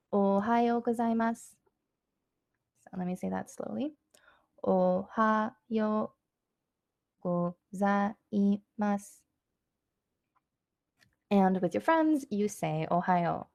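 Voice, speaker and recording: Gravelly, mellow-voiced woman teaching casually. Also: medium pitch, no room sound, clean studio sound. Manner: loose and chatty, lots of "um" and "like"; says Japanese phrases slowly and clearly. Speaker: Japanese language teacher. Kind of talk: casual online lesson.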